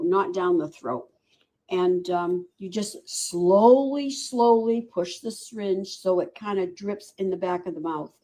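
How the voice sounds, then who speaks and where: Recording indoors on a phone, a woman who rescues animals gives video updates on a sick kitten. Her mid-range voice is animated, and she coos at the kitten in baby talk.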